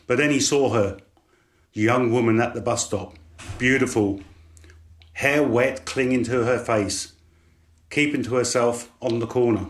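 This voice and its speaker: A man's voice: mid-range voice, unhurried, long pauses, reverberant. Man reading his story. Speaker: author narrating. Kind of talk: storytelling narration.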